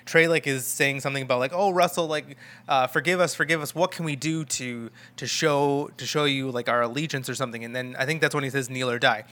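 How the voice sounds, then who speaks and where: A man's voice: mid-range voice, fairly even intonation, brisk, pushed and bright. A man co-hosting a casual recap podcast, retelling his own reactions with enthusiasm. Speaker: podcast co-host.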